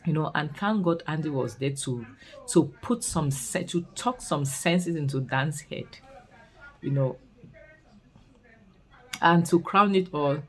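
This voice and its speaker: Recapping a series at a slow pace with frequent pauses, a low-voiced woman with a Nigerian accent delivers casual, expressive commentary, peppering it with scolding rhetorical questions. The recording is low quality.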